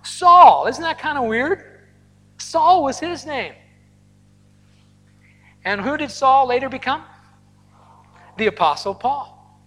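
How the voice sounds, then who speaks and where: A man's voice: very high-pitched, slow, long pauses. A man delivers a sermon to a congregation, mixing teaching with personal stories and playful asides. His voice rings out through a large hall with a long reverb tail. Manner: storytelling, animated asides with laughter. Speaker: pastor. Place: large hall or church auditorium.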